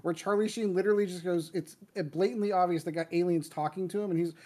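A man co-hosting a casual movie review podcast, animated, acting out scenes in quick quoted voices and laughing often. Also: sits high. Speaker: podcast co-host.

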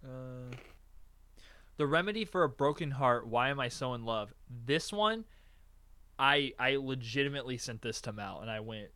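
A man's voice: mid-range voice, lively intonation, moderate pace, pushed and bright, clear, resonant tone, no echo. A man chatting casually as a podcast co-host, acting out quotes and swearing as he tells stories. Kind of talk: casual chat.

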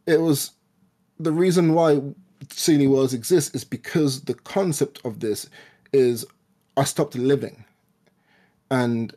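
Male podcast co-host, twenties, mid pitch, casual and halting, lots of stammered restarts. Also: dark tone. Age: 20s. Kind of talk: casual personal chat.

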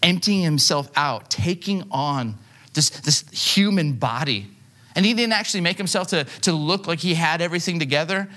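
A man's voice: on the high side, lively intonation, normal speed, pushed and bright. A man, preaching a sermon in a loose, conversational way and telling stories on himself with plenty of fillers. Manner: conversational, self-deprecating storytelling with frequent fillers. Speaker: pastor.

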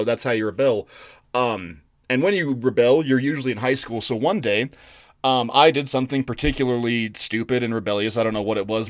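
A man co-hosting a podcast, chatting casually and telling stories in an animated, swearing way. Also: medium pitch, no room sound. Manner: animated, profane storytelling with restarts. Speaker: podcast co-host. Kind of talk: casual chat.

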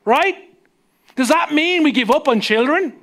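Male Irish preacher, very high register, chatty sermon delivery with hushed emphasis. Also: expressive. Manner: conversational, asks the audience questions; slows down and drops to a hush for emphasis. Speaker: pastor.

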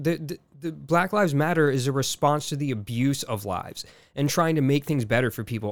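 A man's voice: mid-range voice, dry recording. A man co-hosting a casual podcast, exasperated and rambling, restarting sentences and swearing often. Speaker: podcast co-host.

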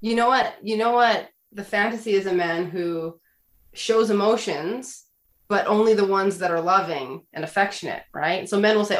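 A woman guest on a podcast, explaining her views in an animated, opinionated way in casual chat. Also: mid-range voice, moderate pace, roomy sound.

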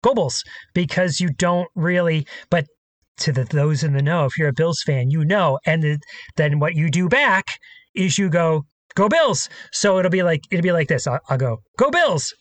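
Man, slightly high voice, dry close mic, casual podcast chat, animated storyteller. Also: normal speed, dry recording. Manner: animated storytelling, chants sports cheers. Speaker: podcast co-host.

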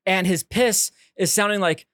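A young man co-hosting a casual podcast, telling a story with lively acted-out voices. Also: high-pitched, normal speed, no echo, studio quality. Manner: animated, acts out voices in his stories. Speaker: podcast co-host.

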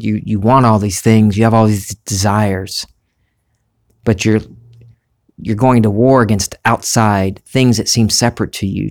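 Brief: man, mild Southern accent, lowish voice, musing spiritual vlogger, unhurried. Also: gravelly, a little mellow. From Southern United States. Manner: musing, unhurried, restarts phrases, laughs easily. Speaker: spiritual vlogger, former reporter. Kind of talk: reflective spiritual monologue.

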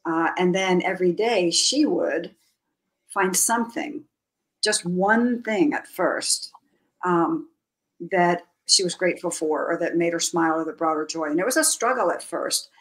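A woman guest in a casual interview, telling a story in a gentle, reflective way. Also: on the low side, measured pace, rough recording.

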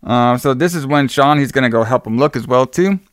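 Speaking briskly at medium pitch, this man rambles through a movie recap for a podcast, cursing, voicing the characters' quotes, and laughing as he goes. The recording is dry and studio-clean.

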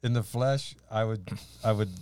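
A man's voice: on the low side, moderate pace, darkish tone, smooth, no echo. A man co-hosting a faith chat, telling a story with lots of laughter and restarts. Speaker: podcast co-host.

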